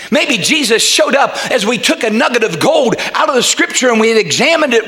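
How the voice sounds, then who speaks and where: A male pastor delivering a sermon with a high voice that climbs into shouting at its peaks. His tone is bright and ringing, and he doubles back on words as he builds each point. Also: big pitch swings, normal speed. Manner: preaching with rising shouts and repeated restarts.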